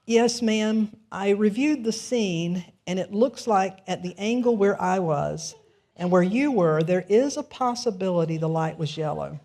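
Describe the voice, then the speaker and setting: A man's voice: high-pitched, measured pace, a little mellow. A woman voicing a stiff, polite male traffic cop while telling a story in a sermon. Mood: sheepish. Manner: curt and polite.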